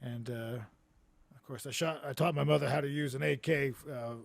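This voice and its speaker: Gravelly-voiced man telling rambling stories. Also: medium pitch, normal speed, no room sound. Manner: rambling storytelling with deadpan absurd jokes. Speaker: podcast host. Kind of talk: casual comedic chat. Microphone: remote video call.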